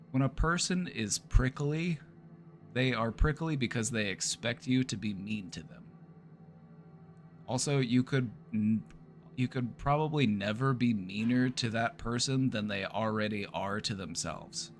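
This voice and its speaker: A therapist chatting casually on a livestream, playful and easygoing, often repeating his phrases and laughing. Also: medium pitch. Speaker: therapist streamer.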